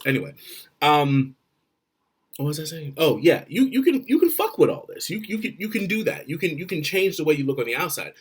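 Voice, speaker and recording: A man giving blunt, profane relationship advice straight to the camera, swinging between loud and quiet. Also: a little high, very animated, fairly quick, husky. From Florida. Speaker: vlogger.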